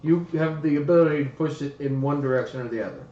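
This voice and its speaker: Brief: male game master, mid-pitched, loose rambling narration, roomy muffled stream audio. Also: fast talker. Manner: relaxed, rambling narration with fillers. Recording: roomy, dull livestream audio.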